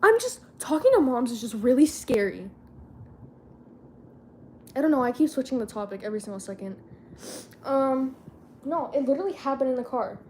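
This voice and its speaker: A woman's voice: sits high, normal speed, long pauses, mellow, slight background noise. A teenage girl vlogging in a casual chat, rambling and slangy and often losing her train of thought.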